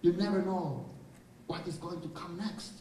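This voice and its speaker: A man's voice: high-pitched, normal speed, a little mellow, slight background noise. A spiritual teacher, a man, giving an inspirational lecture in a hall and telling personal stories in an earnest, reflective way. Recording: roomy hall, speaker far from mic, faint ambience.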